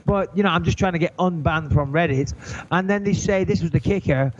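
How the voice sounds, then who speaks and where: A man co-hosting a podcast, telling an animated, indignant story in casual chat. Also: a little high, a little fast. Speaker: podcast co-host. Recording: dull lo-fi podcast audio.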